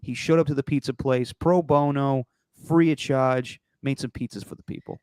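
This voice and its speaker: A man's voice: mid-range voice, fairly even intonation, normal speed, darkish tone, clean tone, no echo. A man hosting a podcast, talking sports in a casual, frank and opinionated way, swearing now and then, on a close podcast mic. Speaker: podcast host.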